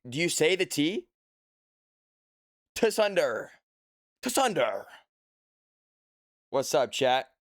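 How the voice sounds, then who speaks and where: A young man runs a laid-back livestream from his home setup, a few feet back from his desk mic, joking around and acting playfully mock-serious. His medium-pitched voice has a clean tone, recorded dry at studio quality.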